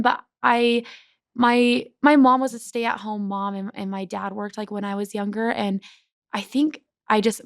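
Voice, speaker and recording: A young adult woman guest in a casual chat, talking fast and loosely with lots of "like," and brightening whenever she quotes her kids. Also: fairly high pitch, creaky, no echo, clean studio sound. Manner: chatty, peppered with "like"; animated when quoting her kids. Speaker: podcast guest.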